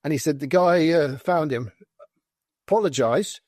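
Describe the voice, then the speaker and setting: A British man, a former soldier and podcast guest, telling lively anecdotes full of quoted dialogue in a casual conversation. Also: a little high, normal speed, no echo. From Britain. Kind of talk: conversational storytelling.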